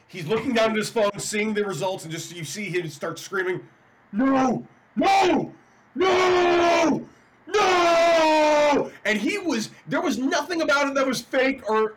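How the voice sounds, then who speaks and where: A man co-hosting a sports talk show, telling a story in an animated, mocking way. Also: high voice, normal speed, few pauses, rough recording. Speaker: co-host.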